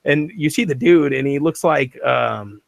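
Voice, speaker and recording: A man's voice: mid-range voice, unhurried, creaky, no echo. A man hosting a podcast, reviewing a movie in casual chat and often laughing as he acts out scenes. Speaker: podcast host.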